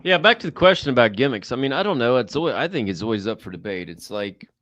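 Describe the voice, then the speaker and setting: A man's voice: mid-range voice, big pitch swings, quick pace, a bit bright, no echo, highs cut off. A man co-hosting a casual chat, reading viewer questions and thinking aloud hesitantly with many fillers. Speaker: co-host.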